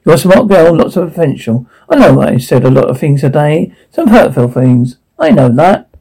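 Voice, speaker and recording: A man's voice: fairly high pitch, big pitch swings, normal speed, vocal fry, dark tone, slightly rough, heavily acted, low-quality recording. A man voicing an unstable, menacing father who speaks in a coaxing, sinister way. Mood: coaxing menace.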